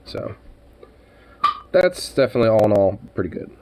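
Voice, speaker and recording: A man's voice: fairly low pitch, very animated, moderate pace, background noise. A man streaming live and chatting casually, rambling with many fillers and frequent swearing.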